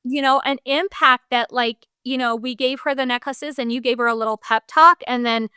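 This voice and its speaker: Bright, crystal-clear woman podcast co-host. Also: high-pitched, fairly even intonation, moderate pace, no room sound, clean studio sound. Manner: chatty, warm interviewer tone, lots of "like" and "you know". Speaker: mother. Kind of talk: casual podcast conversation.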